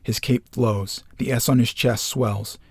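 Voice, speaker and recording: A man reads a screenplay's scene directions aloud in short, measured phrases. His voice is husky and sits in an ordinary middle pitch, recorded close and dry with no room around it. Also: steady tone, no room sound. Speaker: script reader.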